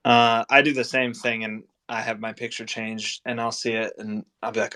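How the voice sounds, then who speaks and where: A man in a casual group conversation, telling anecdotes in an animated, joking way. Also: mid-range voice, moderate pace, hardly any pauses.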